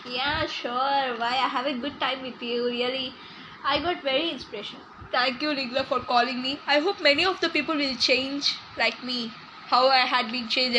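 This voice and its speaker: A woman's voice: sits high, noisy background, close to an everyday voice. A woman voicing an emotional young guest in his twenties who gushes with tearful thanks. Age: 20s.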